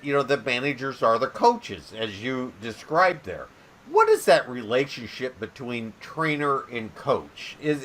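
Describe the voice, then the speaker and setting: A man's voice: a little high, pushed and bright. A man hosting a podcast who asks hesitant, rephrased interview questions. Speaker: podcast host.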